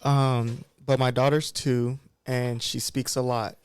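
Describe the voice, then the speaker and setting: A man's voice: mid-range voice, level tone, takes it slowly, clear, resonant tone, no room sound. A man in his thirties, a barber guest on a podcast, talking in a candid, loose and reflective way. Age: 30s. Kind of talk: casual podcast conversation.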